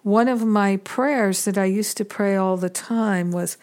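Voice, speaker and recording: A woman giving a reflective spiritual teaching talk, measured and earnest, pausing often between thoughts. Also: medium pitch, darkish tone, clear, resonant tone.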